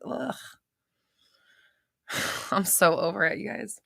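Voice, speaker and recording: A woman's voice: low voice, moderate pace, gravelly, long pauses, sharp tone, no room sound, clean studio sound. A young adult woman hosting a live coaching stream, chatting casually, swearing freely and reading viewer comments aloud.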